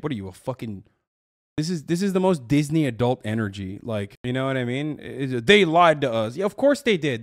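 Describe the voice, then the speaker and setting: A man's voice: medium pitch, no room sound, clean studio sound. A man in his thirties reacting to a video as a streamer, sarcastic and mocking, ranting with lots of swearing. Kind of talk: casual profane reaction commentary.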